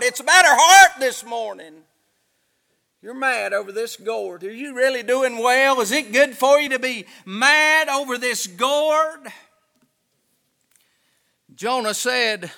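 Preacher man, real high bright voice, fiery sermon, church reverb all around. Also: creaky. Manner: fervent, dramatic, acts out excuses.

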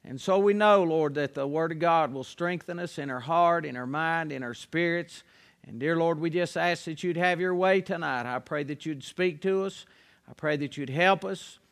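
A man preaching a sermon, praying in a reverent low voice and then preaching in an emphatic, folksy way. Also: moderate pace, gravelly, a bit bright.

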